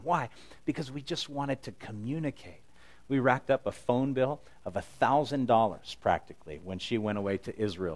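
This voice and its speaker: Middle-aged guy preaching, earnest and chatty, normal pitch. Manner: earnest, conversational preaching with paraphrased quotes. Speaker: pastor. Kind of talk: sermon.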